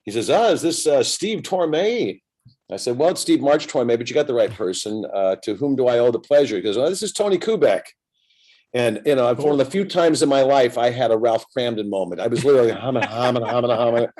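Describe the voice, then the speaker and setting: A man in his sixties, a seasoned entertainer, recounts a story in relaxed conversational talk. He jumps between narration and lively quoted dialogue, giving the other people in the story their own voices. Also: medium pitch, brisk. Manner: animated storyteller acting out both sides of conversations. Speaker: guest entertainer. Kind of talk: casual anecdote telling.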